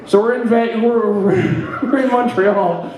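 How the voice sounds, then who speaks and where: A man's voice: very high voice, fairly even intonation, a little slow, darkish tone, very echoey, low-quality recording. A middle-aged man from Ontario doing stand-up comedy, telling a story with lots of swearing and laughing between punchlines. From Ontario, Canada.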